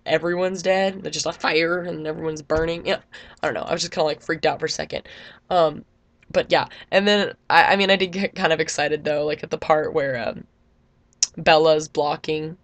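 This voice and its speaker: A young woman vlogging casually to the camera, rambling and chatty, filling her talk with "like". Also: sits low. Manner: chatty, rambling, heavy use of "like".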